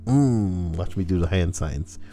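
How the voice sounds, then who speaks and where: A YouTuber with a deep, animated, mellow voice reads Reddit posts aloud a little slowly. He breaks in with crude jokes for comedic commentary, while faint music plays in the background.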